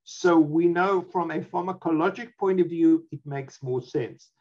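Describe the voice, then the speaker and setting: A man's voice: a little high, unhurried, darkish tone, muffled recording. A man, a physician guest in an interview, speaking emphatically and dismissively about opposing views. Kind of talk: expert interview answers.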